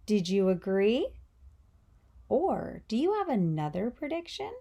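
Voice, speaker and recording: A woman's voice: medium pitch, very animated, unhurried, creaky, dark tone. A woman teacher giving a reading lesson, encouraging children and asking them questions. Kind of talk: read-aloud reading lesson.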